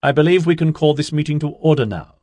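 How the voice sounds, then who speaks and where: A man's voice: deep voice, animated, unhurried, a little mellow, slightly rough, no room sound, full character voice. A man voicing a woman vice president who calls a meeting to order in a formal, commanding way.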